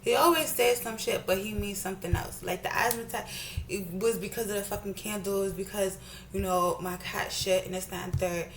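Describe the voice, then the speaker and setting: A woman's voice: mid-range voice, fairly even intonation, a little hiss or hum. Woman ranting while doing makeup. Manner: fast, profane, repeats herself. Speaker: beauty vlogger.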